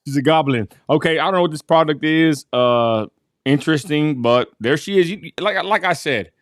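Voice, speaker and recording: Man host, mid-pitched voice, laid-back, dry close sound. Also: normal speed, no room sound. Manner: relaxed, laughing, asks for audience comments. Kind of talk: casual commentary show.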